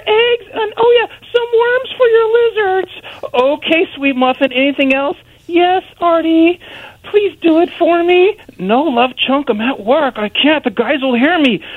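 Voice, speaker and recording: Woman acting a phone sketch on a tinny line. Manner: switches between a sweet high voice and a low gruff one. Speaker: caller. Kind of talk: acted comedy sketch over the phone.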